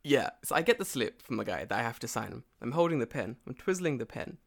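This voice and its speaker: Animated, swearing man telling a story. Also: medium pitch, fast talker, vocal fry. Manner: animated, acts out both sides of a phone call, laughs often, swears a lot. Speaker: storyteller in a conversation. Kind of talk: casual profane storytelling chat. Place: lives and works in Japan.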